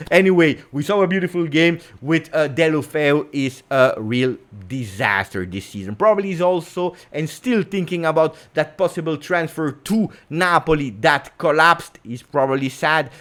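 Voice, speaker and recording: Animated Italian-accented man. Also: mid-range voice. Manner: animated, emphatic, sudden swings in loudness; peppers English with Italian exclamations. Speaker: football channel host. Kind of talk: football recap vlog.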